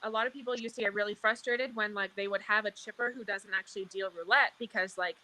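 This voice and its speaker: A woman's voice: mid-range voice, steady tone, quick pace, sharp tone, slight background noise, low-quality recording. A young woman guest, a casino dealer, talking casually and rambling with lots of "like". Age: young adult. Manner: rambling, says "like" constantly. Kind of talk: casual chat.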